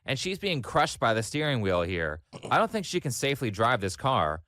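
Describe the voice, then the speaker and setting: A man reading scripted commentary in a deadpan, matter-of-fact way. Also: medium pitch, moderate pace, no echo, clean studio sound. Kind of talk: scripted narration.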